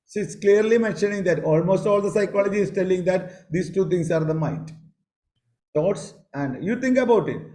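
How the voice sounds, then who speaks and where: Halting man lecturing a class. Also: high-pitched, animated, warm tone, low-quality recording. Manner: halting, repeats phrases, asks the class questions. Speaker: psychology teacher. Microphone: video call.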